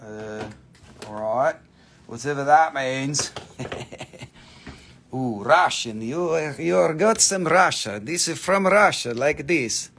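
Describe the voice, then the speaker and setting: A man's voice: mid-range voice, slow, gravelly, a bit bright, a little hiss or hum. Joking, profane man selling crystals live. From US East Coast. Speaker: livestream seller of minerals. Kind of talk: casual live-sale chat.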